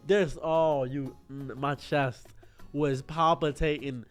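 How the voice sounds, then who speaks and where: A man streamer giving excitable, rambling casual commentary on a show he loves. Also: on the high side, slow pace, clean tone, faint music behind.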